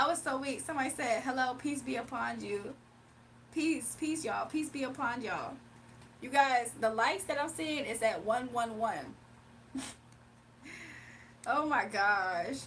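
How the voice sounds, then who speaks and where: A woman's voice: fairly high pitch, slight background noise. A young woman hosting a casual livestream, telling stories with lots of laughter and reading chat comments aloud. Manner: laughs often, animated storytelling, talks to chat. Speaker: livestream host.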